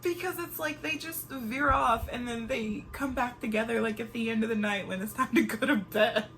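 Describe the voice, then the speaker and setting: A woman chatting to camera in an animated way, reviewing a reality show and laughing often. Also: on the high side, moderate pace, faint music behind. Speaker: vlogger reviewing TV shows. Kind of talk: casual chat to camera.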